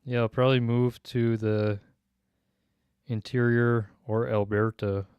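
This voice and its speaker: A man's voice: medium pitch, flat delivery, a little slow, darkish tone, clean tone, no echo. A young man from Minnesota with a slight Minnesota accent, chatting casually with his stream viewers and laughing often. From Minnesota, USA. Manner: laid-back, laughs often, answers chat. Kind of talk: casual livestream chat.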